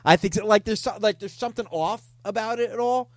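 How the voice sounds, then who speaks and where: Hosting a comedy show, a man tells a story and reads scam chat messages aloud in a playful, mock-dramatic style. His voice is high and a little fast, with no echo.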